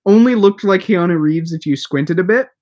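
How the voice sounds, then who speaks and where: Co-host, man, light-pitched, loose and wry storyteller. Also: normal speed, darkish tone. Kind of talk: casual chat.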